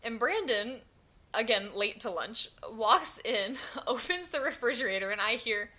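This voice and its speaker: Co-hosting a podcast, a young woman with a fairly high, unhurried voice recounts a workplace story over casual chat. She tells it with animation and plenty of laughter.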